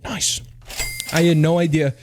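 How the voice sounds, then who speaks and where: A man's voice: fairly high pitch, little pitch movement, a little mellow, slight background noise. A young man streamer rambling through a profane motivational monologue, intense and preachy. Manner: intense, rapid, profane, self-help preaching with mocking put-on quotes. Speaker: streamer opening cases. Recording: music playing underneath.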